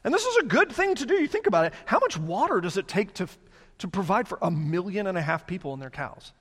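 A man preaches in an animated way, often slipping into mocking voices for the complainers in his story. His voice sits high and moves up and down a lot. It rings with long reverb in a large hall. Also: quick pace. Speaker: pastor. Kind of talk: sermon.

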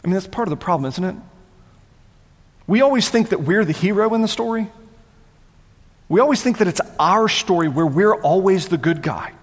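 A man preaching a sermon as pastor, conversational and animated, often repeating words as he goes. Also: high voice, moderate pace, pauses often, in a large hall.

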